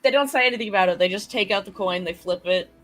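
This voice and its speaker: A woman's voice: mid-range voice, fast talker, fairly bright tone, faint music behind. A woman playing a tabletop game, chatty and often laughing as she describes her character's actions. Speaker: player. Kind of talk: casual tabletop play.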